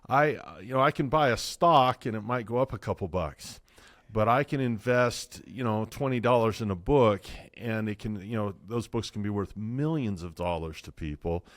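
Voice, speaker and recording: A man's voice: on the low side, dry recording, studio quality. A man hosting an interview, talking in a rambling, hesitant way with many fillers. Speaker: podcast host.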